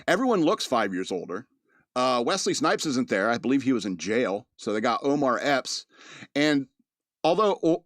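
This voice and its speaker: A man in a solo podcast, mid-pitched, chatting loosely about a film and laughing a lot. He bursts into exaggerated voices for quoted lines, recorded dry and close. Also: no room sound. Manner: rambling, laughs often, acts out quotes. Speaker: podcast movie reviewer. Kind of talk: casual solo review.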